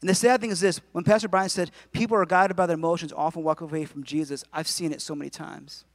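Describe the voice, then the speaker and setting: A man's voice: on the high side, fairly even intonation, fast, dry recording. A man in his forties preaching a sermon in a conversational way, with jokes and asides to the congregation. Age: 40s. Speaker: pastor.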